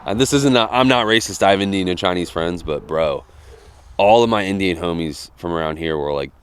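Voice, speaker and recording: A man's voice: sits low, a little fast, smooth. A young man co-hosting a podcast, blunt and crude in laughing casual banter. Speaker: podcast co-host. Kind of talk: casual chat.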